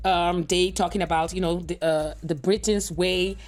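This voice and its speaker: A woman's voice: lowish voice, fairly even intonation, normal speed. A woman hosting a reaction video, chatting casually and rambling straight to her viewers. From Europe.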